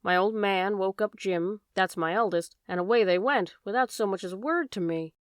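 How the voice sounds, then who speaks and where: A woman's voice: medium pitch, moderate pace, dry recording, clean studio sound, close to an everyday voice. Woman voicing a worried boatman's wife. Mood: anxious. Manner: homely, dropped endings, worried run-on talk. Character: stoutish red-faced boatman's wife, anxious, chatty. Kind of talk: audiobook character voicing.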